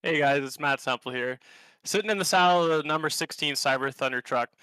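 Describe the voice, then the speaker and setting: A man's voice: on the high side, brisk, pushed and bright, smooth, no echo, low-quality recording. A Canadian man giving a comic, alliterative trash-talk intro as a league racer. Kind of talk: scripted comic hype intro.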